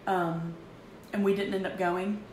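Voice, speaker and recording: A woman's voice: medium pitch, level tone, a little mellow. Emotional woman confiding in an echoey room. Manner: halting, emotional, frequent restarts. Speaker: vlogger. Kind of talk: candid personal confession. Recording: echoey room with faint background noise.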